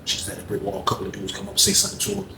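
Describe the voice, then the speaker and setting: A man animatedly telling a story, acting out other people's voices in loud, high bursts. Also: very animated, very fast, gravelly. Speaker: storyteller recounting jail events. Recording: echoey room with faint background noise.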